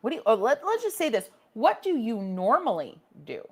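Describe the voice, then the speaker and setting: A woman's voice: on the high side, big pitch swings, a little fast, breathy edge. Chatty woman hosting a painting livestream. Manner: chatty, reacts to viewer comments, restarts sentences often. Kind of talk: casual livestream chat with viewers.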